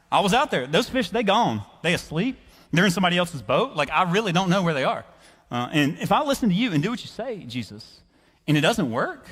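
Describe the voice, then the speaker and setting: A man's voice: a little high, slightly rough, heavily acted. A man voicing an anxious male fisherman who makes excuses, whiny and exaggerated. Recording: reverberant church hall.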